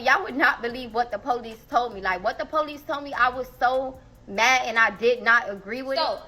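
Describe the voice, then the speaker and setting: A woman's voice: fairly high pitch, brisk, few pauses, pushed and bright, low-quality recording. A young woman telling a dramatic personal story in a casual vlog, emotional and repetitive, speaking straight to her viewers.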